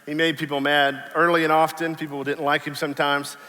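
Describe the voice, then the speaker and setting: A man's voice: on the high side, level tone, fairly quick, pushed and bright, long reverb tail. A man, a pastor, preaching a sermon in a casual storytelling way, acting out the people in the story. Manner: casual storytelling, acts out quotes in voices. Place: church sanctuary.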